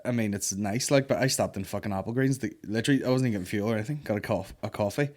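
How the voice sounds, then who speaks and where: A young man, hosting a comedy podcast and telling animated stories full of acted-out voices. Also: fairly low pitch, very fast. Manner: animated storytelling, acts out voices of people he met. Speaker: podcast host. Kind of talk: casual comedy banter.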